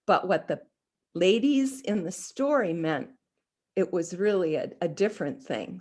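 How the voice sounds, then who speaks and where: A woman reading a children's book aloud, expressive and animated as she speaks to young listeners. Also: medium pitch. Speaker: storybook reader.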